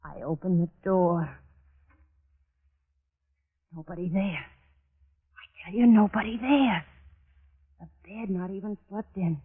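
Brief: unhinged, haunted murderess narrating her crime, slow and brooding, tinny old radio play. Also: on the low side, husky. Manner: feverish, repeating herself, brooding. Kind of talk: 1940s radio acting.

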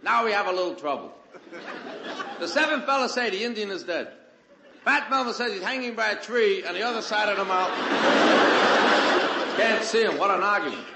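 High-voiced man telling a stand-up story. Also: animated, fairly quick, gravelly, pauses often, over a noisy crowd, very noisy. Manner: streetwise storyteller, acts out characters' lines. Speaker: stand-up comedian. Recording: roomy live stage recording with loud audience laughter. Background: audience laughter.

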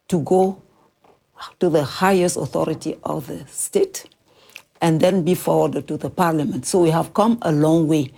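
A woman government minister giving a measured, reassuring answer in a news interview. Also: low voice, creaky, warm tone, breathy edge.

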